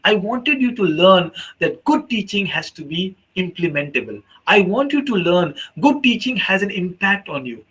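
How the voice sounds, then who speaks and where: A man's voice: high voice, normal speed, few pauses, slightly rough, low-quality recording. A man giving a teachers' workshop talk as a trainer, telling a long story and acting out the voices of the people in it. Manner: animated storyteller, acts out quoted voices.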